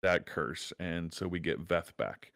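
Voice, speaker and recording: Animated man recapping with quick asides. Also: sits low, gravelly, dry recording. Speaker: podcast co-host. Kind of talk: casual chat about a show.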